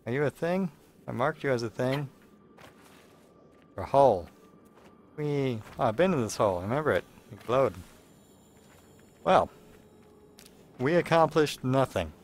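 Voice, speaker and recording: A man's voice: mid-range voice, animated, a little slow, long pauses, slight background noise. A man giving casual, sarcastic, rambling commentary while playing a video game. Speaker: let's play host.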